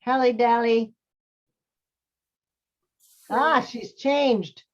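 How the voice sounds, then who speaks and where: Over a video call with dull lo-fi audio, an acting teacher coaches her online class, encouraging students and calling them sweetie and honey. Her voice is a little high, and she draws out her words.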